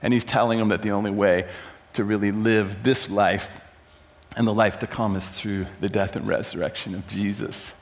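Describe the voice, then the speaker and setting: A man preaching a sermon to a room, telling a story with animated, loud acted-out bursts. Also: lowish voice, normal speed. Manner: animated, acts out quotes with sudden loud bursts. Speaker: pastor. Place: large room before an audience.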